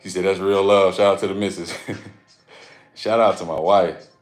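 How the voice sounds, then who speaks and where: A man's voice: low-pitched, fairly even intonation, normal speed, roomy sound, soft background music. A man in his thirties hosting a live stream in a casual, rambling, playful way, laughing often between his words.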